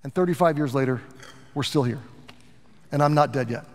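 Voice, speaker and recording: A middle-aged pastor preaching a sermon in an earnest, animated way, with asides to his congregation. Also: mid-range voice, a little fast, in a large hall.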